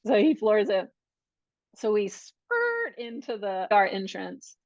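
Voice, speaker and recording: A woman speaks in a lively conversational style, acting out quotes as she tells a personal story. Her voice sits in a middle range. The recording is dry and a little dull, with little room sound. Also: mid-range voice, slow, no echo. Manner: animated, acts out quoted dialogue. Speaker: podcast guest. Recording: dull, dry podcast audio.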